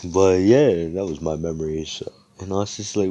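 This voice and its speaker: Casting: young man, deep voice, loose and slangy, making up a fan story on the spot. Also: fairly even intonation, normal speed, warm tone, lo-fi sound. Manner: rambling, slangy, swearing, many fillers. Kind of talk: improvised fan fiction storytelling.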